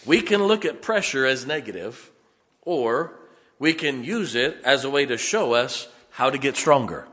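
A male pastor preaching in a church, his voice bright and ringing, with a long reverb trailing behind it. He talks slowly and unhurriedly, telling homey stories before leaning hard into emphatic points. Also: medium pitch, animated. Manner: folksy storytelling that builds to emphatic preaching. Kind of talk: sermon.

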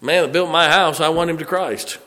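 A man preaching a sermon as pastor, rising to loud emphasis on scripture and dropping into folksy, chatty asides. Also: a little high, brisk, in a large hall. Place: church sanctuary.

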